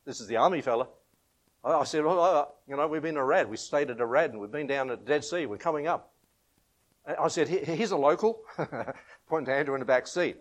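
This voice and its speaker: A man's voice: a little high, fairly quick. A middle-aged Australian man preaching as a pastor. He reads scripture, leads a prayer and tells homely anecdotes with a laugh. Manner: chatty storytelling, laughs at his own anecdotes. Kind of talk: informal sermon with Bible reading.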